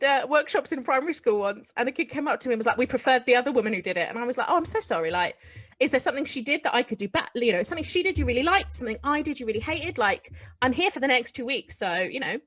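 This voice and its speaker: A woman's voice: high-pitched, expressive, fast, a bit bright. A woman co-hosting a casual live-stream chat, telling stories and acting out what people said. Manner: chatty storyteller who acts out quotes. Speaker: podcast co-host and theatre workshop leader.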